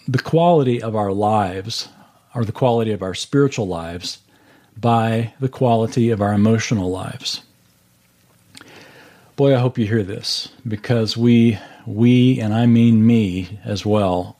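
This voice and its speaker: A man's voice: on the low side, warm tone. A man teaching a Bible class over a video call, earnestly walking through verses and explaining them step by step.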